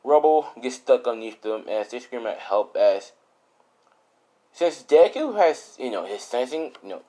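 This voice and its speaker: A man improvising a fan-made story out loud, rambling and full of fillers. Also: mid-range voice, expressive, a little slow.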